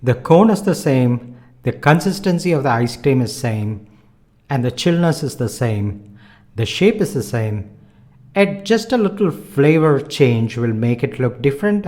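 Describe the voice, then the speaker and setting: A man teaching a language lesson online, explaining in a measured, earnest way and using simple analogies. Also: mid-range voice, a little mellow.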